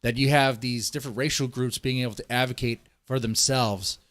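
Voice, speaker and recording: A man's voice: medium pitch, steady tone, brisk, a bit bright, dry recording. Profane rambling male streamer. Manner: profane, rambling, addresses chat directly. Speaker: streamer reacting to a video. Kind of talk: casual live-stream commentary.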